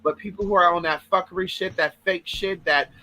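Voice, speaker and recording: Male livestream host, sassy and flamboyant, casual chat, bright fairly high voice. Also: steady tone, brisk, dry recording, rough recording. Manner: sassy, flamboyant, swears freely. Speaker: livestream host reading viewer comments.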